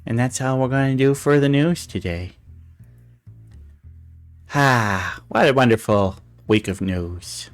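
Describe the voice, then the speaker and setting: A male host of a casual livestream talk show with a middle-pitched voice. He rambles, restarts and fills gaps with fillers. He coos and gushes fondly over the artwork he shows. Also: slow, long pauses, soft background music. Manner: gushing, cooing over pictures.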